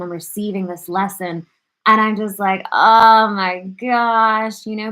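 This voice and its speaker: A woman with a slightly low voice hosts a live question-and-answer show as a spiritual coach. She talks in an earnest, heartfelt way, often pausing on filler words as she explains. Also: fairly bright tone.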